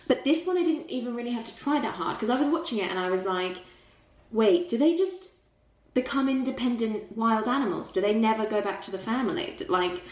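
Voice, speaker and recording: A woman's voice: a little high, expressive, brisk. A young adult woman in casual film chat, telling the story with big emotional swings and laughs. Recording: roomy echo.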